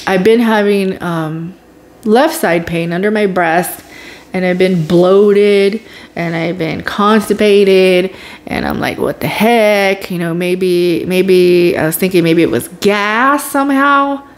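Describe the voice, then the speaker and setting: A woman vlogger telling a personal story in a casual, animated way, dropping to whispers at tense moments. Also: fairly low pitch. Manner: animated, dramatic retelling with whispered asides.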